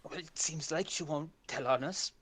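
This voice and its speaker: A woman with an extremely deep voice, playing her character at a tabletop game. Her replies come out dry and deadpan. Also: moderate pace, slightly rough. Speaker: player.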